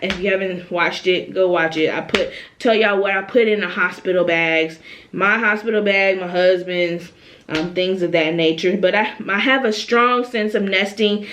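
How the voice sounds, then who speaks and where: A young woman vlogging at home, chatty and animated, often tagging her points with "okay?". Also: mid-range voice. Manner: chatty, animated, repeats phrases and tags "okay?". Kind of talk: casual chat to camera.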